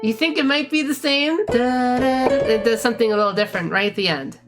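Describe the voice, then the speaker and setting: Woman explaining melodies over loud music. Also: on the high side, expressive, fast. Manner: hums and sings melody lines to explain them. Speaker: music theory streamer. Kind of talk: casual music theory breakdown. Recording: music playing loudly behind the voice. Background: guitar music.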